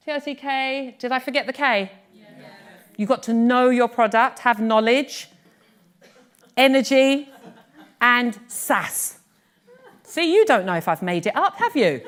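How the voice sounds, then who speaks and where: A middle-aged British woman giving a live workshop talk on pitching, chatty and lively, teasing her audience. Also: unhurried. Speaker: business speaking coach. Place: workshop room before an audience.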